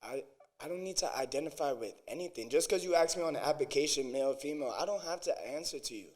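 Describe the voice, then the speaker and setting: An artist being interviewed, talking in an earnest, halting way with lots of fillers. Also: male voice, a little high, animated, darkish tone. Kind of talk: casual interview chat.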